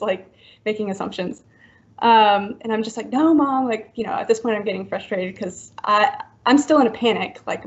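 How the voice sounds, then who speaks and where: Gravelly-voiced woman, halting and filler-heavy. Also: mid-range voice. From Florida, US. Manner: halting, full of likes and ums. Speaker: podcast guest. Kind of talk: personal storytelling in conversation. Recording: dull lo-fi recording.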